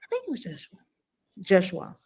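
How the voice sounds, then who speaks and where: A woman attorney chatting on a podcast in a mid-range voice. She is slangy and playful, and slips into hushed asides when she gets gossipy. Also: mid-range voice, wildly swooping pitch, normal speed, slightly rough. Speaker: attorney co-host. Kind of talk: casual podcast chat.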